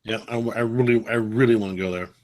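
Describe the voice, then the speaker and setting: A man's voice: lowish voice, steady tone, quick pace, darkish tone. A man co-hosting a casual podcast, giving short, easygoing replies in friendly banter. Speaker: podcast co-host.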